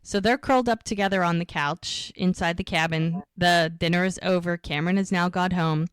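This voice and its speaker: Chatty low-voiced woman, dry sound. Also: steady tone, brisk, clear, resonant tone, no room sound. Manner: chatty, retelling scenes with lots of "like" and "she goes". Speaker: podcast co-host. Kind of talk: casual recap of a TV episode.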